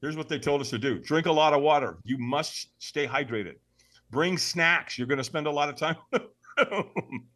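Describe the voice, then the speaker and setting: A man's voice: a little high, moderate pace, a bit bright, lightly acted. A man voicing his eager, insistent male friend talking on the phone. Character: enthusiastic male buddy on the phone.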